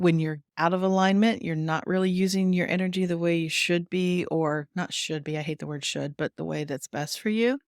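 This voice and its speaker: A woman guest on a wellness podcast, explaining warmly and chattily, laughing often and acting out little quotes. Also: lowish voice, dry recording, studio quality. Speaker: human design guide, guest.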